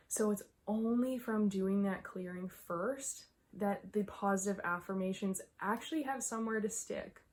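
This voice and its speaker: A young adult woman talking to camera as a mindset coach, slightly out of breath, emphatic and quick to laugh. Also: medium pitch, darkish tone. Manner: emphatic, repeats herself, laughs often. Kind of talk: casual talk to camera.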